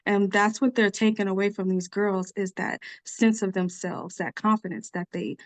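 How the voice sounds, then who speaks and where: A soft-spoken, even-tempered woman speaking as a guest on a podcast, chatting casually and laughing now and then. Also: mid-range voice, normal speed, dry recording. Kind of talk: casual conversational interview.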